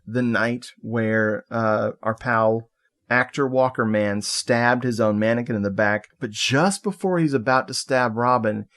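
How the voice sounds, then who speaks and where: A man co-hosting a podcast over a video call, recapping a film in a relaxed, laughing way and slipping into quick quoted voices. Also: mid-range voice. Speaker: podcast co-host. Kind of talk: casual movie recap chat.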